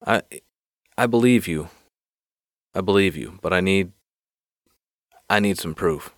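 A man voicing a calm, sly village leader who speaks in a slow, deadpan way in a spoken joke. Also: low voice, no room sound, studio quality.

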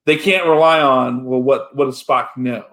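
A man's voice: medium pitch, steady tone, moderate pace, a bit bright. Rambling man in casual chat. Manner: rambling, full of "you know" fillers.

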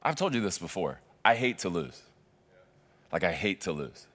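A man's voice: deep voice, sing-song, normal speed, fairly bright tone. A male pastor preaching a sermon with emphatic delivery and joking asides.

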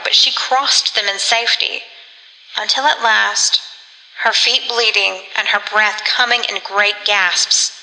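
Bright-voiced woman reading a gothic tale. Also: mid-range voice, creaky, in a large hall, low-quality recording. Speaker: audiobook narrator. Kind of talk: scripted narration of a gothic story.

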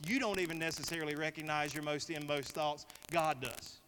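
A man's voice: fairly high pitch, steady tone, brisk, sharp tone. A middle-aged male pastor preaching a sermon, emphatic and repetitive as he leads the congregation. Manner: emphatic, repeating phrases, leading the congregation. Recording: reverberant hall with faint noise.

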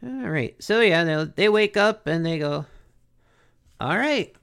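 A podcast host recapping a cartoon episode in a joking, animated way. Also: medium pitch, moderate pace, gravelly, clear, resonant tone. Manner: animated, joking, self-questioning.

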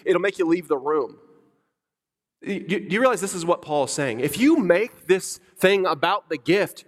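A man preaching a sermon as pastor, emphatic, repeating key words and putting questions to the congregation. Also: fairly high pitch. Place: church hall. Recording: long hall reverb.

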